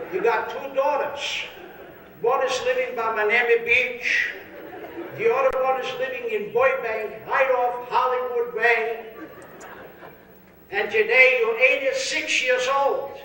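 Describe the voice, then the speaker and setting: A man doing a slow, high-voiced old age-guesser. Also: fairly even intonation, pushed and bright, full character voice. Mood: smug. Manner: slow, drawn-out delivery. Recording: echoey hall miked from far off.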